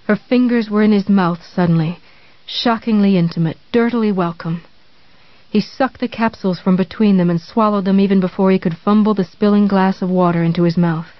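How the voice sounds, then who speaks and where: An audiobook narrator reads a novel in a measured, even storytelling voice. The sound is dry and close, with a slightly dull recording. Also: medium pitch, no echo. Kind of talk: scripted narration.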